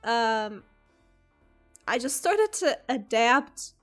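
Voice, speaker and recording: A woman's voice: fairly high pitch, moderate pace, a bit bright, soft background music. A woman whose first language is German, chatting casually with her stream viewers in a rambling, giggly, self-deprecating way.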